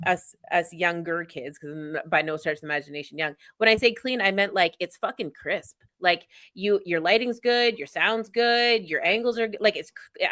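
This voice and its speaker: Chatty, bright-voiced woman podcast host. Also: on the low side, no room sound. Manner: chatty, effusive, peppered with "like". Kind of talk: casual interview talk.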